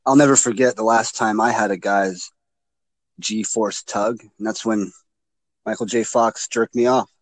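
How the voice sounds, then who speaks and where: A man's voice: lowish voice, fairly even intonation, measured pace, no room sound, poor audio. A man co-hosting a casual podcast, joking crudely and swearing freely. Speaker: podcast co-host. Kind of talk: casual chat.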